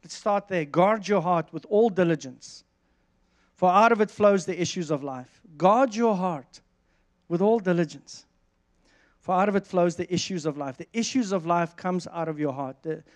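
A man preaching a sermon, reading verses and telling a lively personal story with frequent restarts. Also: high voice, normal speed. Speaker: pastor.

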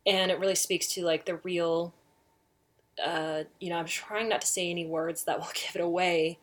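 A middle-aged woman telling a personal story in a chatty, animated way, laughing often. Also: fairly low pitch, moderate pace. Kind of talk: casual storytelling.

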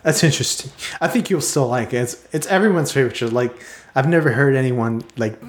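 A man's voice: mid-range voice, brisk. An American man hosting a casual chat, rambling along with lots of filler words. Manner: rambling, heavy use of "like" fillers. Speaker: host. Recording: echoey room.

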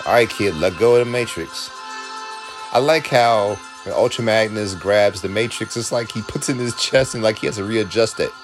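A man giving an excited, emotional reaction commentary while watching a film. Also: on the low side, moderate pace, over music. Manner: emotional, exclaiming, laughing often. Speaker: reaction video host.

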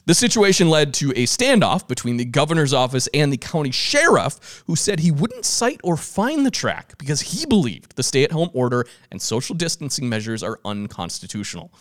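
Man, Southern US accent, slightly high voice, lively pitch, news host, dry close sound. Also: moderate pace, hardly any pauses, no room sound. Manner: reads news items with quotes, laughs easily. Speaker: host reading news stories. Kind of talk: casual news chat.

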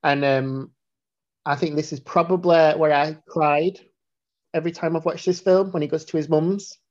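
A man's voice: on the high side, fairly even intonation, moderate pace, lo-fi sound. A man co-hosting a casual film discussion podcast, talking bluntly and swearing freely. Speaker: podcast co-host.

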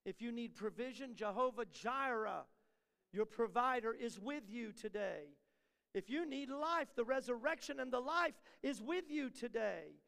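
A man preaching to a church congregation, his voice set very high with a gravelly rasp. He builds repeated refrains toward a peak and then falls back into soft asides. The sound carries a long reverb from the sanctuary. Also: lively intonation, a little slow. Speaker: pastor. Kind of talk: sermon.

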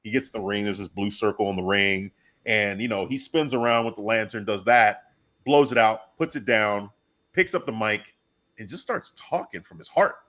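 A man in casual podcast chat, excitedly retelling a wrestling segment and acting out his own reactions. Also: on the low side, normal speed.

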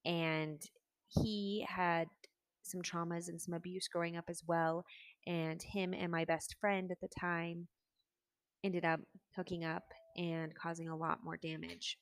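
A woman's voice: fairly low pitch, little pitch movement, measured pace, no room sound. A woman in her twenties telling her personal story in a candid, earnest way, with casual fillers.

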